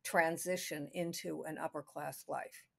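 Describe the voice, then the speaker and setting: A woman's voice: low voice, fairly even intonation, a little slow, creaky, breathy edge. A woman co-hosting a podcast, talking through a classic film in a casual, thinking-aloud way with many restarts. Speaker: podcast co-host.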